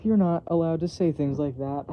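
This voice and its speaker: A man's voice: on the high side, a little slow, vocal fry, slight background noise. A man reading aloud, voicing a nervous, flustered young woman on a phone call, in a dull home recording. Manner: embarrassed, flustered deflecting.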